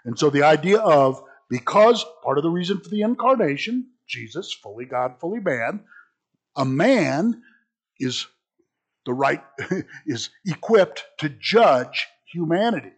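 A man's voice: on the high side, very animated, measured pace, breathy edge. A man teaching an informal Bible class, chatty and self-mocking, who laughs at his own jokes and reads scripture aloud.

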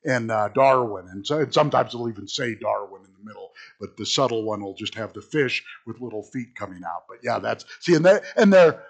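A man's voice: lowish voice, animated, a little fast, vocal fry, hardly any pauses, husky. A man teaching an informal Bible class, chatty and self-mocking, who laughs at his own jokes and reads scripture aloud.

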